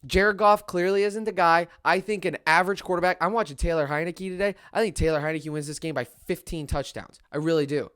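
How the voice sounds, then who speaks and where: Brief: young male sports podcaster, loud, ranting, trash-talks rivals. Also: on the high side, fairly quick, few pauses, smooth. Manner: excitable, ranting, trash-talking. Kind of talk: solo sports rant.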